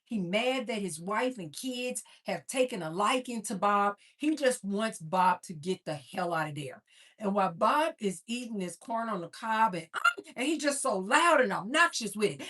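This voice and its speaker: On her casual cooking livestream, the host speaks in a mid-range voice at a measured pace. She's animated when telling stories and chats directly with viewers, whom she calls "you guys."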